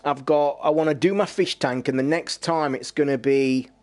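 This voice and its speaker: A middle-aged man with an East Midlands accent, chatting casually on a live stream, blunt and sweary and quick to anger. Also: a little high, a little mellow. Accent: East Midlands English. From England.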